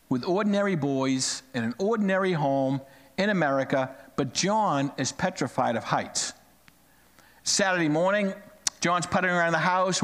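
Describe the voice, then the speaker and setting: A man preaching a sermon, telling stories to his congregation with lively swings of voice. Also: on the high side, long reverb tail. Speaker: pastor.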